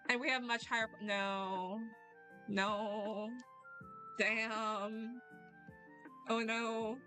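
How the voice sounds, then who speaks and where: A woman's voice: on the high side, flat delivery, drawn-out words, bright, forceful tone. A woman streaming a video game, rambling and swearing casually, laughing and talking back to her chat. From United States. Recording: game music under the voice.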